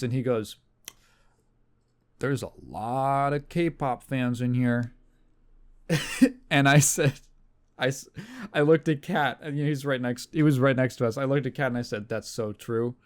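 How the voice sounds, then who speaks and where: Man, young adult, podcast host, casual chat, rambling, laughs often, mid pitch. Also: steady tone, normal speed. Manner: rambling storyteller, laughs often, mimics people.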